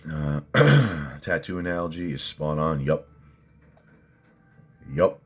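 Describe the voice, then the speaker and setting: Very deep-voiced ranting man. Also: animated, takes it slowly, breathy edge. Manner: angry, cursing, bursts of loud outrage then mutters. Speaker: fitness vlogger reading viewer comments. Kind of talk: profane ranting livestream chat.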